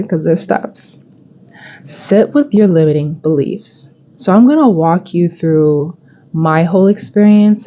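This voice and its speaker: Earnest lady coaching on a podcast, kinda low and mellow, repeats herself a lot, muffled audio. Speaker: podcast host. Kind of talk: self-help talk.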